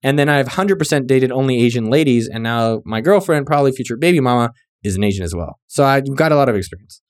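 A man from California, hosting a podcast and giving casual, joking shout-outs to listeners in a laid-back, profane, slangy way. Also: medium pitch, animated, quick pace, no echo, clean studio sound. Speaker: podcast host.

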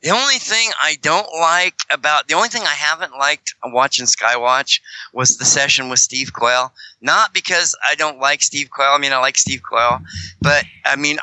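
Chatty man, very bright voice. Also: a little high, no room sound, rough recording. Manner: rambling, joking, many self-corrections. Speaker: guest, fellow fringe Christian show host. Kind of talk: casual podcast chat.

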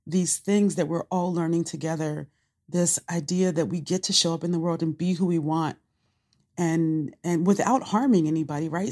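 A woman speaks earnestly into a phone voice note, her voice low and mellow. She reflects as she goes and rambles a little, with soft fillers between her thoughts. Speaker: caller sending a voice note. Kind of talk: heartfelt voice note.

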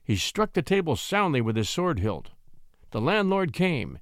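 An expressive male narrator reads a classic tale with dramatic flair. His voice sits slightly high and moves in very lively swings of pitch, recorded dry and close with no room sound. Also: measured pace, no room sound. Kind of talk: scripted audiobook narration.

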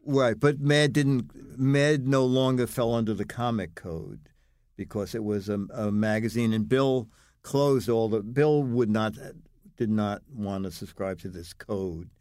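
An older man, a guest in casual chat, telling lively anecdotes. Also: on the low side, measured pace, no room sound, clean studio sound. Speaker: guest, comedy writer.

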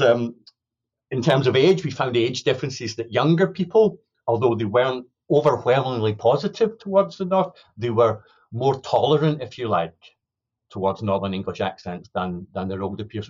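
A man's voice: lowish voice, breathy edge, highs cut off. A man, a sociolinguistics academic, earnestly explaining research findings in an interview, hesitant with many restarts. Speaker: sociolinguistics academic, podcast guest.

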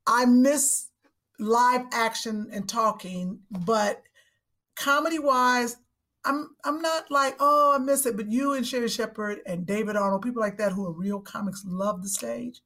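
A woman hosting a podcast, chatting casually with quick teasing exclamations. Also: a little high, fairly bright tone. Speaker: podcast host.

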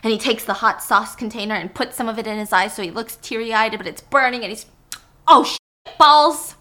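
A woman's voice: fairly high pitch, fairly even intonation, fast talker, bright, forceful tone, slight background noise. A woman recapping a film plot to a friend, acting out quoted lines and dropping to whispers for tense moments. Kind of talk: animated movie recap with acted-out quotes.

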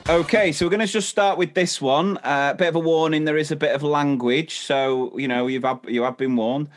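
A man's voice: fairly high pitch, fairly even intonation, brisk, faint music behind. Giggly British male podcast host. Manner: giggly, laughs often through his reading. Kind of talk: casual chat, reading listener stories.

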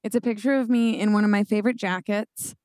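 A woman's voice: mid-range voice, fairly even intonation, quick pace, a little mellow, no echo, clean studio sound. A young adult woman co-hosting a podcast, chatting casually in a playful, giggly and self-mocking way. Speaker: podcast co-host.

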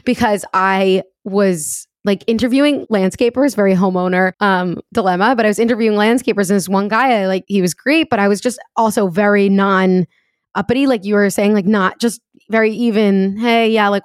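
A woman's voice: medium pitch, brisk, no echo, studio quality. A woman hosting a podcast in casual chat, talking in a chatty way with frequent "like" fillers. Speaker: podcast host.

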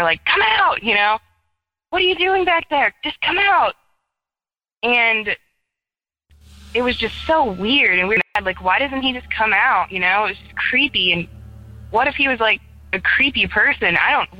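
A young woman with a mid-range voice calls in to share a ghost story, the high frequencies cut off. She tells it casually in first person, chatty and full of "like," acting out the dialogue along the way.

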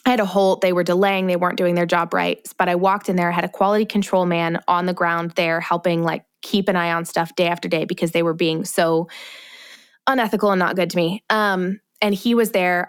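A woman's voice: on the low side, no echo, studio quality. A woman co-hosting a podcast, casually telling a story and acting out the voices of the people in it. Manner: animated storytelling, acts out quoted voices. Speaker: podcast co-host.

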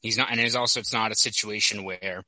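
A man's voice: on the low side, fairly even intonation, fast talker, sharp tone, no room sound, low-quality recording. A man hosting a sports podcast, telling stories in a chatty way with lots of asides. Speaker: podcast host. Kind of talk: casual sports podcast chat.

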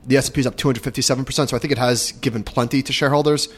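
A man's voice: mid-range voice, fairly even intonation, racing, husky. A man co-hosting a podcast, who leads the topics and chats casually about markets. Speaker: podcast co-host. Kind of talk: casual finance chat.

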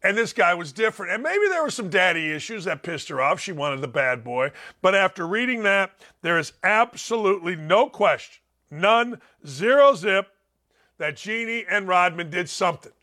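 Older male sports radio host; high, bright tone; blunt, animated storyteller. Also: moderate pace. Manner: blunt, animated storyteller who acts out quotes. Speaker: sports talk show host. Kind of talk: opinionated sports radio talk.

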